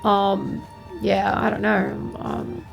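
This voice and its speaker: A woman's voice: mid-range voice, monotone, extremely slow, gravelly, soft background music. A woman streamer chatting frankly about her life while she plays, full of filler words. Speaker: game streamer. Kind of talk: casual storytelling while gaming.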